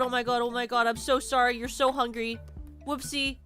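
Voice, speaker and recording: A young woman streaming a game, commenting excitably with loud yelps and panicked repeats. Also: a little high, brisk. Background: game music.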